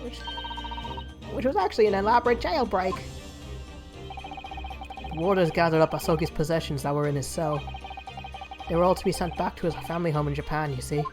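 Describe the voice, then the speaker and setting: A woman's voice: on the low side, brisk, long pauses, close to an everyday voice. Woman reading as a meek, regretful ex-warder. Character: meek middle-aged male former prison warder. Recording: game music playing behind.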